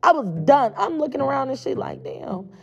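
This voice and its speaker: A woman's voice: sits high, animated, moderate pace, gravelly, muffled recording. A woman telling a blunt, profane storytime straight to her viewers in a casual, chatty way.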